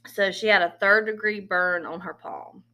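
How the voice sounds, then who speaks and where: A woman's voice: mid-range voice, steady tone, moderate pace, pushed and bright. A woman hosting a podcast, casually retelling events and slipping into quoted dialogue. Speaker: podcast host. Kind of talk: casual true-crime storytelling.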